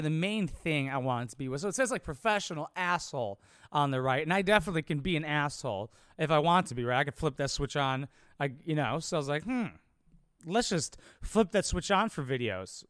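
A man's voice: fairly high pitch, a bit bright, smooth, no room sound, studio quality. A young adult man, a comedian, rambling casually and cursing freely in a solo monologue. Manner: rambling, profane, laid-back.

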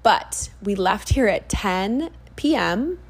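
A young woman chatting on her own podcast in a loose, animated way. She fills the talk with ums and quick side remarks. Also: medium pitch, slightly rough. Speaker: podcast host. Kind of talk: casual solo podcast chat.

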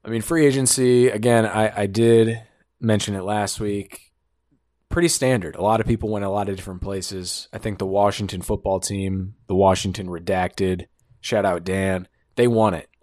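Male sports talker, deep voice, joking and opinionated, dry close sound. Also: fairly even intonation, a little mellow, dry recording. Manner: fast riffing, joking asides, opinionated. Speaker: sports commentator. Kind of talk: casual sports talk.

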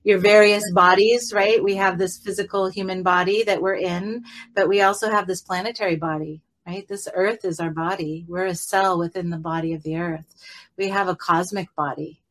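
A woman teacher leading a guided meditation in a gentle, rambling way, often adding "right?" and slowing down and softening as she guides the breathing. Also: lowish voice, fairly even intonation. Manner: rambling, with many fillers and tag "right?".

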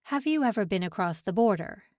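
A woman's voice: medium pitch, expressive, brisk, darkish tone, no room sound, clean studio sound, close to an everyday voice. A woman voicing a cold, menacing young male interrogator. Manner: cold, sneering questioning.

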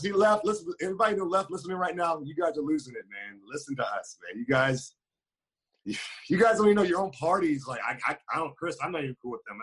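A man's voice: on the high side, a bit bright, breathy edge. A man in casual political chat on a podcast, emphatic, peppering his talk with "man" and "bro". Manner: fast, emphatic, says "man" and "bro" a lot.

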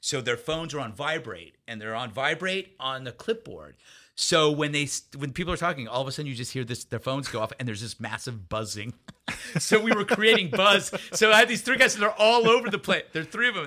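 A man with a very sharp, tense voice tells a story in a conversational interview. He sits a little high in pitch for a man and keeps it lively. He laughs often and acts out the lines of the people in his story. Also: brisk. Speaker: guest.

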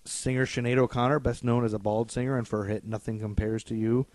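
A man in an easy, joking podcast chat. He talks at a middle pitch, pokes fun at himself and stays irreverent throughout. His voice sits dry and close, with no room sound. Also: little pitch movement, fast, darkish tone, no echo. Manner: joking, irreverent, self-mocking. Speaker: podcast co-host. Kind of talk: casual chat.

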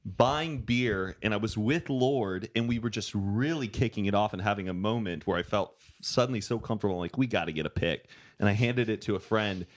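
A man's voice: on the low side, brisk, few pauses. A man hosting a podcast, chatting casually with a guest and telling stories of his own. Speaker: podcast host. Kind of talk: casual chat.

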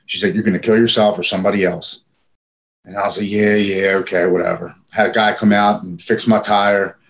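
A man's voice: fairly low pitch, flat delivery, a little fast. A man casually telling a personal story in plain, profane speech with frequent fillers. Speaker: guest telling his recovery story.

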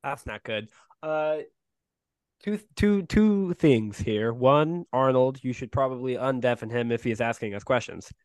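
A man's voice: medium pitch, measured pace, dry recording. A man playing a tabletop role-playing game, casual and exasperated, swearing often. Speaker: player.

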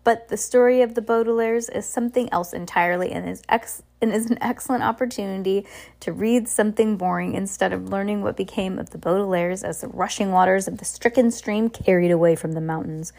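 Young mom reading a storybook aloud, informal, trips over words and adds asides. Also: female voice, medium pitch, brisk, gravelly, a little mellow. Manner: informal, with restarts and chatty asides. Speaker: parent reading aloud to her child. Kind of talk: casual storybook read-aloud.

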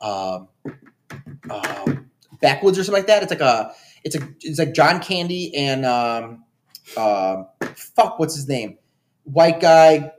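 A young man in casual podcast chat, swearing freely and retelling movie scenes with animated quoted voices. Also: mid-range voice, takes it slowly, long pauses. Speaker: podcast co-host.

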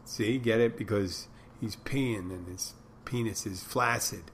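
Middle-aged male podcast host, lowish voice, meandering crude storyteller, faint ambience. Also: a little slow, slight background noise. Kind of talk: rambling casual monologue.

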